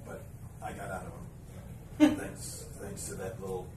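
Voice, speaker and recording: A man's voice: sits low, very animated, normal speed, crowd noise. A man hosting a podcast before a live audience, telling a long anecdote in a rambling way with many restarts and asides. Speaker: podcast host. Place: live event venue. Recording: roomy live venue, mic at a distance, background noise.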